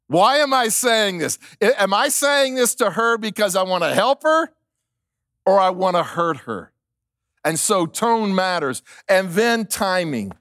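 A man's voice: sits high, fairly bright tone, no echo, clean studio sound. A male pastor preaching a sermon, emphatic, repeating key lines and asking the congregation questions.

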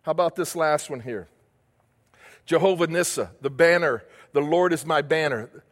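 A man's voice: on the high side, normal speed, long reverb tail. A male pastor delivering a sermon, building emphasis with repeated phrases and questions to the congregation.

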